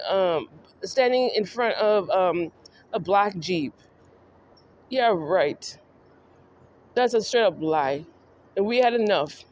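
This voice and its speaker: A woman's voice: mid-range voice, darkish tone, a little hiss or hum. A woman vlogger ranting in a scolding, mocking monologue that speaks straight to the person she criticizes. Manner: scolding, mocking, addresses the subject directly.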